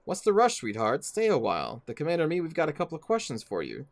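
A man's voice: a little high, huge pitch swings, fast, no room sound. A man reading a teasing female rogue.

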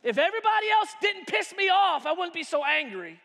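A male pastor preaching a sermon, animated, swinging from shouts to hushed asides. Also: very high-pitched, fairly quick, creaky. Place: church auditorium. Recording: long reverb of a church hall.

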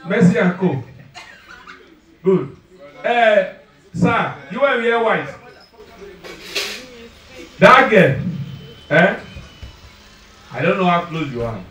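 A man with a Nigerian accent doing live stand-up and crowd work, loud and teasing, slipping into pidgin as he talks straight to the audience. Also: high voice, animated, slow, pauses often, distant mic. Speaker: stand-up comedian. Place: live comedy venue. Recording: echoey venue, mic heard from afar, crowd noise. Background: audience laughing.

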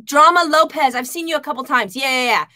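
Chatty lady on a live stream, pretty high voice, calling out viewers by name. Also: quick pace, pushed and bright. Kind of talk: casual live-stream chat. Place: home kitchen.

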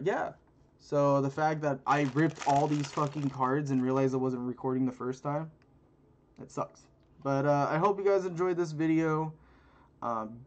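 A man's voice: medium pitch, highs cut off. A man rambling through a casual card-opening video with crude jokes and lots of fillers, recorded on a phone. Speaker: channel host.

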